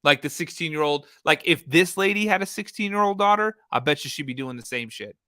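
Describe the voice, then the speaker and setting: A man's voice: fairly high pitch, animated, brisk, bright, forceful tone, no echo, studio quality. A man hosting a live true-crime stream, reacting animatedly to footage with swearing, laughter and asides to his chat.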